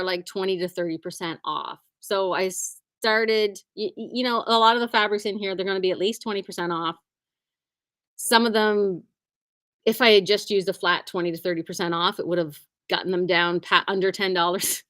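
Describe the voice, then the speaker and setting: A woman's voice: mid-range voice, moderate pace, a bit bright, no room sound. A woman who owns a quilting shop, chatting casually and cheerfully about sales in her store, often humming and saying "like". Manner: chatty and upbeat, hums and says "like" often.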